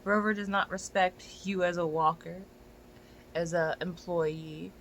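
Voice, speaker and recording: A young adult ranting into a phone camera about dog-walking work, exasperated and swearing freely, the voice bright and mid-pitched. The outbursts climb toward near-shouts, with a faint hiss behind. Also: fairly even intonation, unhurried. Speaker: dog walker.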